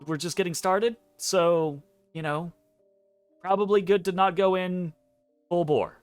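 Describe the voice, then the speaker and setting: A man voicing a tense, blunt dream guide who talks quickly and sounds edgy. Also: sits high, steady tone, clean tone, dry recording, soft background music, pitched above the performer's own voice. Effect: meant to sound muffled.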